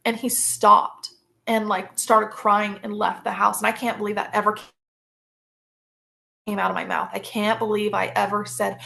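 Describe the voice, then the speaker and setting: A woman's voice: medium pitch, little pitch movement, normal speed, gravelly, pushed and bright. A woman, a podcast guest, telling personal stories in a casual, rambling way, full of fillers and restarts.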